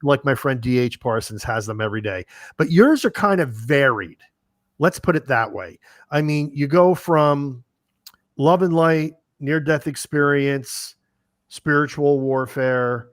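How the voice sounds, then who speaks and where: A man's voice: medium pitch, expressive, measured pace, dry recording. A man hosting a podcast, reacting and asking questions in a rambling way full of fillers. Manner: rambling, many fillers like "you know". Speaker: podcast host. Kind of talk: interview chat.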